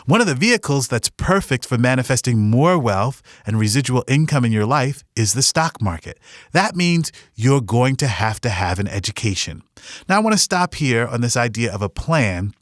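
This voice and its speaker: A man's voice: medium pitch, animated, normal speed, no room sound. A man hosting a podcast, giving an earnest, upbeat motivational talk with a story from his past, on a studio mic. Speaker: podcast host. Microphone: studio microphone.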